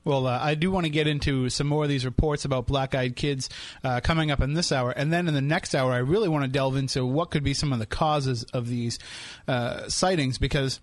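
A man hosting a paranormal radio show, leading the interview at a measured pace with occasional fillers. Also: mid-range voice, steady tone, no echo. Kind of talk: podcast interview.

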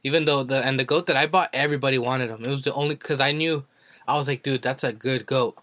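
Yeah a young guy rambling on his podcast, acts out the quotes, normal pitch. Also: fairly even intonation, fast, sharp tone, no room sound. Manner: rambling storyteller who acts out quotes with sudden high jumps. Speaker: podcast co-host. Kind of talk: casual chat.

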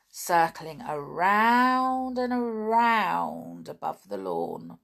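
A woman reading a children's story aloud, expressive, with asides to her listeners. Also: on the low side.

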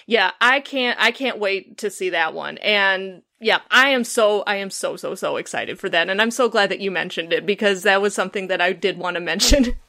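A woman's voice: mid-range voice, moderate pace, few pauses, sharp tone. A woman hosting a podcast in casual chat, chatty and enthusiastic, often restarting her sentences. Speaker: podcast host.

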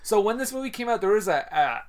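A man's voice: high voice, very animated, fast talker. A man co-hosting a casual movie podcast, talking through scenes in a chatty, thoughtful way with many restarts. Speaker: podcast co-host.

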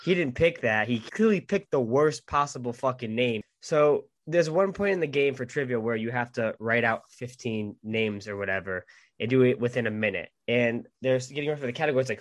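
A man co-hosting a podcast, telling a story in an animated way and swearing a lot. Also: medium pitch, brisk. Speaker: podcast co-host. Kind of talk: casual storytelling chat.

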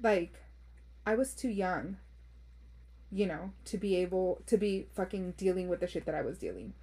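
A woman's voice: fairly low pitch, normal speed, warm tone, slightly rough. A young woman hosting a podcast, reading listener stories aloud and reacting bluntly, swearing freely, laughing often and slipping into Spanish phrases. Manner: code-switches into Spanish phrases. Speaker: podcast host.

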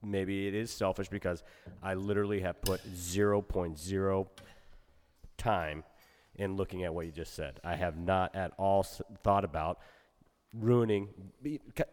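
Low-voiced guy chatting, gets excited and stumbles over words, echo around him. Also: a little slow. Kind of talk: casual chat.

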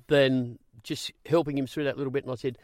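A man's voice: mid-range voice, a little fast, no echo, clean studio sound. Older Australian man spinning racing yarns. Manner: animated yarn-spinning, acts out quoted dialogue. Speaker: guest, former racing reporter. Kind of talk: storytelling interview.

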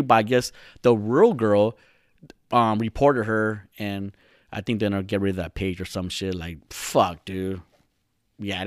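A man casually telling a personal story to the camera, swearing freely and jumping high in pitch when he retells his own reactions. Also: a bit bright, dry recording, clean studio sound.

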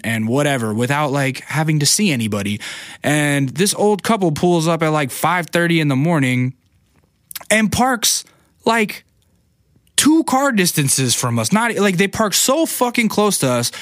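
A man's voice: medium pitch, no echo. Young dude ranting on his podcast, swears a lot, tons of likes and you knows, dry close mic. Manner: profane, animated ranting with lots of fillers. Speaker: podcast host. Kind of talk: casual storytelling monologue.

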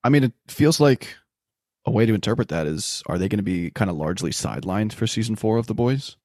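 A man with a low, gravelly voice agrees easily and adds short points of his own in a casual fan chat. The sound is dry and close. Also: expressive, fast talker, dark tone, dry recording. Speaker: podcast panelist.

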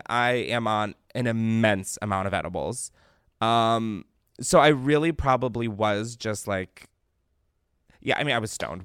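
A man's voice: medium pitch, fairly bright tone, dry recording. Brief: young male podcast host, casual chat, rambling and self-mocking, cusses freely, dry close sound. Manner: rambling, self-deprecating, swears a lot.

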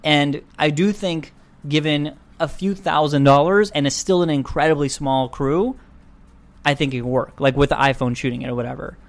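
A young man with a slightly high voice tells a story in casual chat. He is animated and laughs often, and he acts out the people in his story. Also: moderate pace. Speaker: guest filmmaker.

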